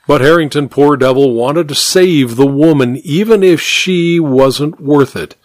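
A man narrating a story in an expressive, measured audiobook reading. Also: a little high, dry recording.

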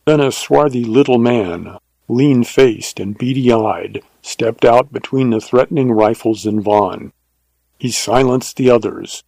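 A man narrating a western audiobook in a measured, steady reading. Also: mid-range voice, gravelly, dry recording, rough recording.

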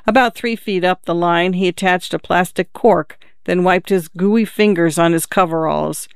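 Smooth, measured audiobook narrator. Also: medium pitch, dry recording, studio quality. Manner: measured, even storytelling.

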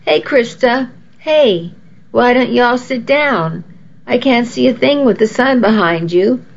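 A woman's voice: fairly high pitch, lively intonation, slow pace, dull audio. A woman reading the lines of a friendly, easygoing young man. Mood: casual.

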